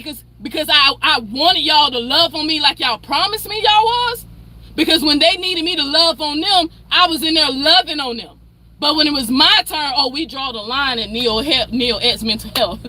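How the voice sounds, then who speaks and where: A woman's voice: high-pitched, pushed and bright. A woman, hosting a channel and ranting in a heated, profane, confrontational way, calling people out by name. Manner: profane, confrontational, repeats a name to call someone out. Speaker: commentary channel host. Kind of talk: heated personal rant.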